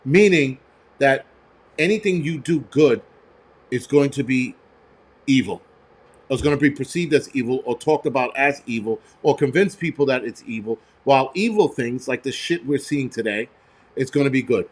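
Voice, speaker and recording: A man's voice: medium pitch, animated, moderate pace, breathy edge. Blunt, cursing man ranting on a stream. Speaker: host and firefighter. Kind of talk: livestream rant and storytelling.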